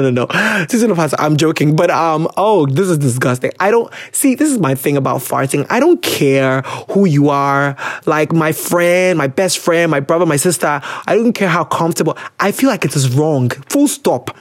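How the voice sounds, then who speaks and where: Podcast host, theatrical, lively swooping pitch, laughs a lot. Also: moderate pace, hardly any pauses. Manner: animated and theatrical, laughs often. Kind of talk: casual podcast chat.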